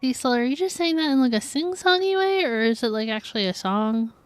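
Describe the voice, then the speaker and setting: A woman's voice: sits high, lively intonation, brisk, no room sound, soft background music. Chatty young woman streamer, dry mic. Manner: chatty, lots of "like". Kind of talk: casual game commentary.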